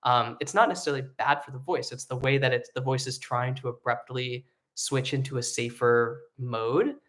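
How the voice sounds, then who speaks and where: A man's voice: medium pitch, moderate pace. A man leads a live online singing lesson, talking it through loosely with frequent ums and likes. His speaking voice sits in a middle range. He sounds easygoing and conversational as he explains. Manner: relaxed explaining with many fillers, breaking into sung vocal demos. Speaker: singing teacher.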